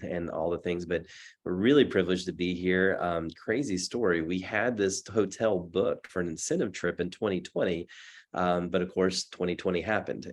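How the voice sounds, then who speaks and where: A man in his thirties giving a rambling, chatty talk over a video call from a dark hotel room, with lots of fillers and restarts. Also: low voice. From Texas. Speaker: guest speaker.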